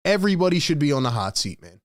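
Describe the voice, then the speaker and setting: A man's voice: on the high side, very animated, fast. A young man hosting a live postgame show, ranting in an exasperated, emphatic way and repeating lines for effect. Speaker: sports show host.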